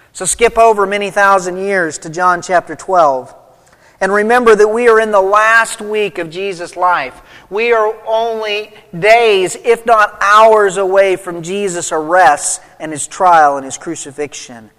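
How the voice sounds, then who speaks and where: A man's voice: high voice, a bit bright. A man preaching a sermon, reading scripture aloud and then explaining it with rising emphasis. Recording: long hall reverb.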